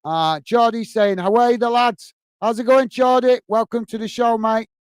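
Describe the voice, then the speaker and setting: His pitch is extremely high, yet smooth and steady, at a normal speed with no room sound. He's a football channel host on a fan livestream, reading comments out in a relaxed, friendly way and saying "uh" and "mate" constantly.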